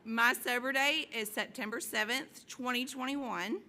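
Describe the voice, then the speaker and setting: Woman, candid, emotional, campaign speech, slow pace, faint hiss. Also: fairly high pitch. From Alabama, USA. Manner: emotional, near tears, candid. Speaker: campaign speaker. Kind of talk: short campaign speech at a convention. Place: large convention hall.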